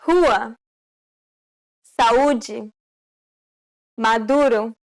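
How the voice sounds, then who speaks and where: A woman modeling single sounds and words with drawn-out, careful enunciation. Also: fairly high pitch. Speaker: native-speaker pronunciation model. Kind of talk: slow isolated word pronunciation.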